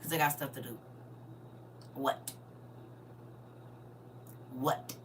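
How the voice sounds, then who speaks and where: A woman's voice: rumbling low, very slow, background noise. A middle-aged woman chatting bluntly and animatedly to her live viewers as host. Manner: blunt, animated, talks to her audience as y'all and baby. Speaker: livestream host. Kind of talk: casual chat to viewers.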